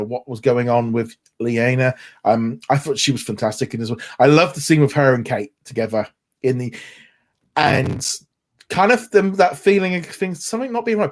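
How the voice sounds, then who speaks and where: Man, podcast co-host, casual chat, excited, rambling restarts. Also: mid-range voice. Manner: enthusiastic, rambling with frequent restarts.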